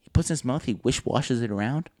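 A man's voice: mid-range voice, quick pace, darkish tone. A man co-hosting a casual podcast, telling a story animatedly with acted-out quotes and swearing. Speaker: podcast co-host. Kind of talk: casual chat.

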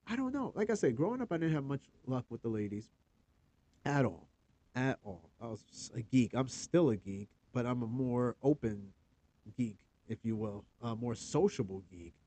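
In a casual solo episode of his podcast, a host of about forty talks in a rambling, frank way, full of fillers and the odd curse word. His mid-range voice is warm and husky, with lively intonation at a normal speed.

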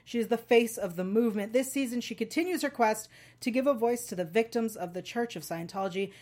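A woman's voice: a little high, a little fast, darkish tone. A woman hosting a fan podcast, chatty and laughing often, with many ums. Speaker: podcast host. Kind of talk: casual chat and read ad.

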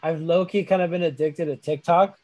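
A man's voice: a little high, steady tone, fairly quick, a little mellow, poor audio. A young man co-hosting a casual podcast, telling rambling, profane stories and laughing often. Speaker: podcast co-host. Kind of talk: casual chat.

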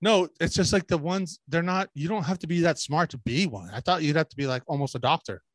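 A man's voice: on the high side, fairly quick, no echo. A man co-hosting a crude podcast, telling rambling, profane stories and mimicking people he quotes. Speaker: podcast co-host. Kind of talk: crude casual chat.

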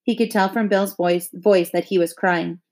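A woman narrating a novel chapter aloud, expressive and rising with the emotion of the scene. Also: medium pitch, normal speed.

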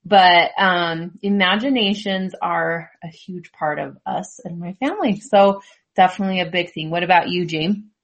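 A woman's voice: fairly low pitch, normal speed. Chatty woman reminiscing casually. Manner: chatty, rambling with fillers. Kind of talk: casual group chat.

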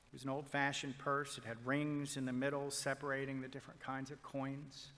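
Bright-voiced preacher, booming to whispering. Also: male voice, little pitch movement, brisk, big-room sound. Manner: dramatic swings from loud proclamation to hushed whispers; quotes figures in a retold story. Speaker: pastor. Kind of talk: sermon.

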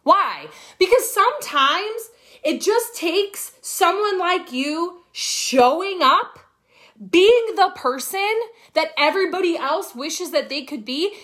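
A woman's voice: sits high, a bit bright. A woman coaching her team on a livestream from her phone, talking in a blunt, profane, fired-up way. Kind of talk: livestream pep talk.

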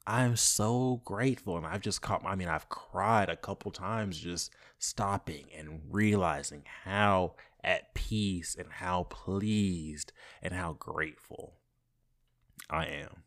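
A young man hosting his own podcast, talking casually and swinging from soft, grateful reflection to loud, playful bursts. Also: low-pitched, slow pace. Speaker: podcast host. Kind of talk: casual solo podcast monologue.

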